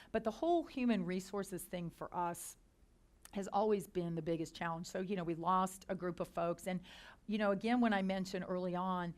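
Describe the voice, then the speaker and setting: A middle-aged woman, a company founder and CEO, telling anecdotes to a business audience, chatty with quick restarts and quoted dialogue. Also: lowish voice. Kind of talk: storytelling talk to a business audience. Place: lecture hall.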